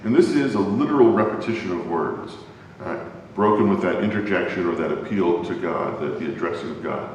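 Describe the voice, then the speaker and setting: Man, Bible class teacher, lowish voice, distant mic, very echoey hall with long reverb. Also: brisk. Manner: conversational, asks the class questions, says "right?" often. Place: church classroom. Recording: very echoey hall, far from mic, faint rumble.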